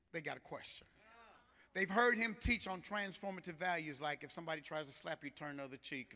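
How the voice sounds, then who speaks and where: Pastor, male, high and very bright voice, rhythmic sermon delivery with repetitions. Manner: preaching with rising, rhythmic intensity and repetitions. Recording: long hall reverb.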